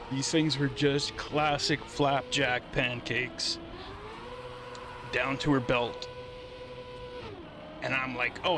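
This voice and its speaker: A male livestream host telling a story casually on his stream, animated and laughing as he acts out quotes. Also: mid-range voice. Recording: steady background noise.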